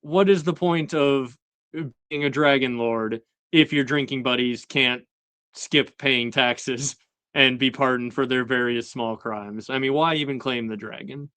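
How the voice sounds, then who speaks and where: A man hosting a casual episode recap chat, talking in a relaxed way with lots of fillers and chuckling asides. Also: mid-range voice, measured pace, smooth, no echo. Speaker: show host.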